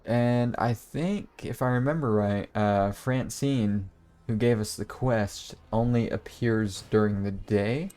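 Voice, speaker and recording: A man's voice: fairly low pitch, slow, a little mellow. A man commentating a video game playthrough casually, with crude jokes and swearing. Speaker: gaming host. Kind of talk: let's play commentary.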